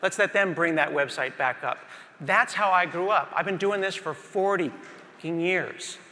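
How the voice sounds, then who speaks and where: A man's voice: high-pitched, moderate pace. A middle-aged man giving a conference keynote on a large stage, telling stories animatedly and talking straight to the crowd. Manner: animated storytelling, acts out scenes, addresses the crowd. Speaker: keynote speaker. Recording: reverberant conference hall.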